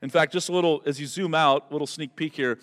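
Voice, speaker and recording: A man preaching an expository sermon, telling the story with animated, emphatic delivery that builds to loud peaks. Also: on the high side, fast. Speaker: pastor. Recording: long hall reverb.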